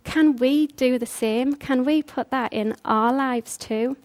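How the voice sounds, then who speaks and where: A woman's voice: sits high, slow, a little mellow. A woman preaching a conversational sermon, earnest and full of rhetorical questions.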